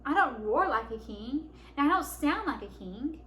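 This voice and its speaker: A woman's voice: expressive, normal speed, sharp tone, a little hiss or hum. A woman voicing a proud male lion king who roars boldly. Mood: timid. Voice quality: booming roars, grows from timid to commanding. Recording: echoey room.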